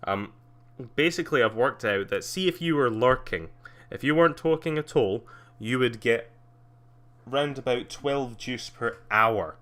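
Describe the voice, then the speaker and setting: A man's voice: mid-range voice, unhurried, fairly bright tone. A young man streaming live, rambling casually with lots of fillers and frequent laughs.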